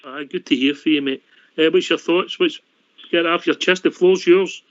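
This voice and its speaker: A man's voice: fairly high pitch, moderate pace. A Scottish man hosting a football phone-in show, jokey and teasing his callers. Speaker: host. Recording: dull lo-fi line.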